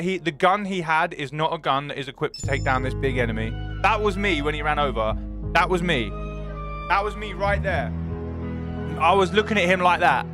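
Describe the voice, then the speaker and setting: Bright-voiced young streamer. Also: male voice, on the high side. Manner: excitable storytelling, greets chat by name. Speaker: live streamer. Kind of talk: casual chat with live viewers.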